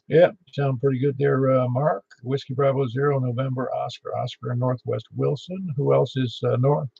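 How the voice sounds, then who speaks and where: Running a ham radio net as control operator, a man with a Middle Tennessee accent chats in a folksy, joking manner. His medium-pitched voice is gravelly, mellow, and husky, with a steady tone and moderate pace, heard over a lo-fi radio transmission.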